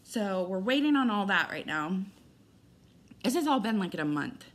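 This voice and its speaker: A middle-aged woman vlogger gives a rambling, candid personal update, retelling events with quoted dialogue. Her mid-range voice is very animated and moves at a moderate pace.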